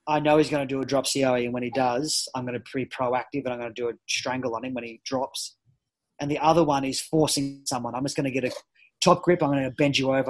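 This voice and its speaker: In a rough recording, a man with a mid-range voice tells stories energetically as a podcast guest. He's a judo coach, a former Olympian, and a parent at home, and his animated, casual talk often restarts.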